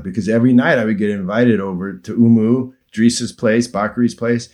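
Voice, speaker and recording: Soft-spoken man telling stories. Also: lowish voice, steady tone, fairly quick. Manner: storytelling, drifting into soft emotional asides. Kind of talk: casual conversation.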